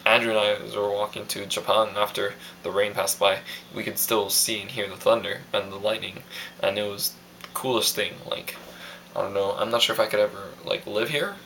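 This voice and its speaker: A man's voice: fairly low pitch, fairly even intonation, a little fast, vocal fry, pushed and bright, a little hiss or hum, low-quality recording. A young man from Hawaii recording a casual video diary, rambling and hesitant with lots of fillers. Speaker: vlogger.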